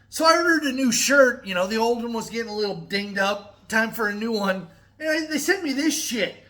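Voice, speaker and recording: A man's voice: very high-pitched, sharp tone. A middle-aged man ranting to camera on his own channel, profane and rambling. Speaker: metal music YouTuber. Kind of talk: casual to-camera vlog rant.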